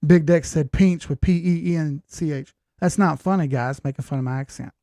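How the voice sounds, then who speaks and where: A man's voice: fairly high pitch, fairly quick, mellow, no room sound, studio quality. A man in his forties hosting a crypto chart analysis show in a folksy, rambling, jokey way. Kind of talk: casual chart analysis talk.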